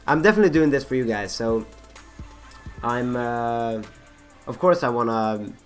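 A young man with a husky voice rambling through casual gameplay commentary, full of fillers, restarts and self-mocking asides. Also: medium pitch, animated, normal speed, soft background music. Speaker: gaming channel host.

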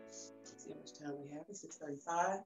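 A woman's voice: sits low, a little fast. A woman leading a guided breathing session, bubbly and laughing often, a little out of breath. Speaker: wellness class leader. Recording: echoey room with faint music.

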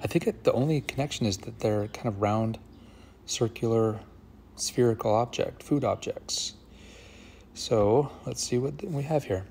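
A man's voice: medium pitch, measured pace, gravelly, a little mellow, a little hiss or hum. A man thinking aloud as he solves a word puzzle, musing half to himself and sometimes dropping to a near whisper. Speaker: puzzle channel host.

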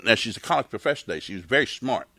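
A man's voice: medium pitch, lively intonation, very fast, creaky, sharp tone, no room sound, studio quality. An older man telling stories in a casual, laughing way as a pastor and podcast host. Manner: folksy, laughing, acts out voices in stories. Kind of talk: casual storytelling chat.

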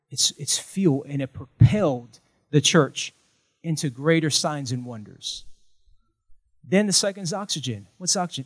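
A middle-aged pastor delivers an animated sermon, chanting and trading call-and-response with the congregation. His voice sits a little high.

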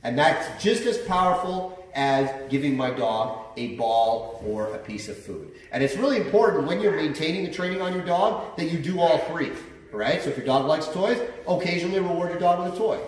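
A man's voice: fairly high pitch, animated, normal speed, hardly any pauses. A man explaining dog training as a trainer, in a plain, explanatory way with some fillers. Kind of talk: instructional explanation. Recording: very echoey, from far off the mic.

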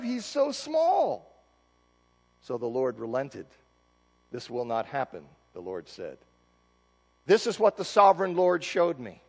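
High-voiced preacher in a reverberant church. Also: male voice. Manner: expository preaching, rises to emphatic high bursts. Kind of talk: sermon. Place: church sanctuary.

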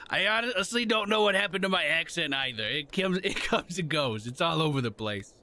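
High, lively man playing a game. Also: normal speed. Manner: playful, talks to game characters, frequent laughs and yelps. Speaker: gaming YouTuber. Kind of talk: let's play commentary. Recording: faint background game music.

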